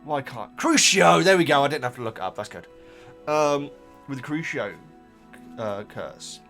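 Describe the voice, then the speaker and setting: A man hosting a casual reaction vlog, chatty and excitable, talking straight to his viewers. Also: medium pitch, moderate pace, soft background music. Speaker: channel host reacting to a book.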